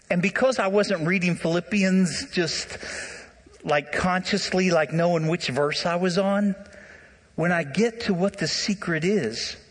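An animated male preacher talks straight to his congregation. His voice sits a little high and carries a slightly husky edge. The long reverb of a church sanctuary trails after every phrase. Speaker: pastor. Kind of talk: sermon.

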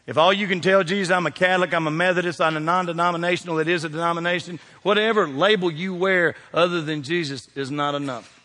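A man with a Kentucky accent, preaching a lively sermon as pastor and firing questions at his congregation. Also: a little high, fast. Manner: animated preaching with call-and-response questions. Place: church sanctuary. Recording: long hall reverb.

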